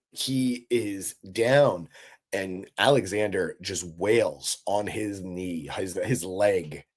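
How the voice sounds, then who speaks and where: Low-voiced man hosting a live recap. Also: darkish tone. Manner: casual, enthusiastic, answers chat, frequent fillers. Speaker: wrestling recap host. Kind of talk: live-stream recap commentary.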